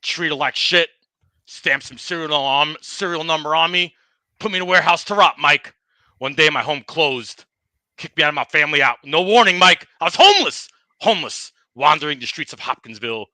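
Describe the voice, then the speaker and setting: A man's voice: on the high side, normal speed, sharp tone, no room sound. A man voicing a tough-talking bowling ball in a comedy podcast skit, griping and boasting as he trash-talks and keeps saying the host's name. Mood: aggrieved. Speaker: guest.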